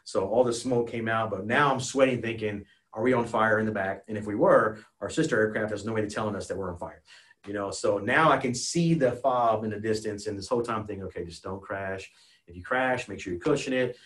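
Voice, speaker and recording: A retired American helicopter pilot telling a war story as a podcast guest, earnest and emotional, with many restarts and "you know"s. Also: male voice, lowish voice, brisk, fairly bright tone. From United States. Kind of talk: casual spoken storytelling.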